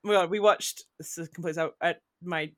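A woman's voice: lowish voice, fairly even intonation, moderate pace. A woman with an Australian accent co-hosting a podcast, chatting casually in a giggly, rambling way with many fillers. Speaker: podcast co-host. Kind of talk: casual chat.

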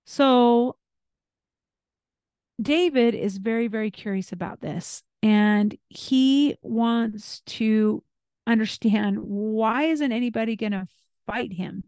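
A woman's voice: a little high, takes it slowly, a little mellow, smooth, no room sound, studio quality. Woman retelling scripture stories casually. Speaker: podcast host.

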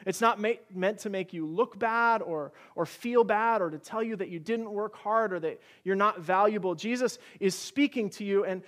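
A pastor delivers a sermon in an earnest, pleading manner, firing off one rhetorical question after another and weaving in gentle personal stories. His voice sits high.

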